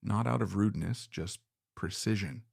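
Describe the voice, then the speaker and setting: Deep gravelly male story narrator. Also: normal speed, no room sound, studio quality. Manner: steady, reflective storytelling. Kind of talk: scripted narration.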